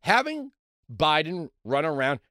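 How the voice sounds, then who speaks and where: A man hosting a talk radio show, delivering a sarcastic, mocking monologue that swings between loud outbursts and low mutters. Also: very animated, measured pace, dry recording, clean studio sound.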